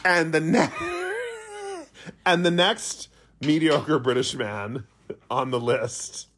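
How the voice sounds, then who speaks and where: A man's voice: on the high side, big pitch swings, drawn-out words, noisy background. Giggly, rambling man podcast host. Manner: rambling, giggly, self-mocking. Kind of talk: casual comedic chat.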